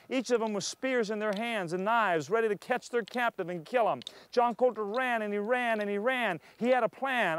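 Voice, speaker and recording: Man storyteller-preacher: high voice, lively, acts out characters. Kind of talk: oral storytelling with sermon asides.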